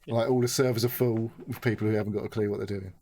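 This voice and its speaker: A man with a fairly low voice chats casually on a gaming podcast. He rambles, swears freely and slips into acting out what people said. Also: fairly even intonation, fast, dark tone. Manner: rambling, swears a lot, acts out quotes. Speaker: podcast co-host.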